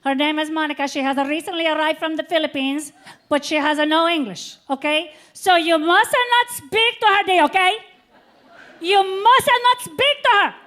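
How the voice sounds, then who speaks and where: A woman voicing an earnest, patient female house cleaner who speaks gentle, insistent broken English. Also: very high voice, moderate pace, pitched above the performer's own voice.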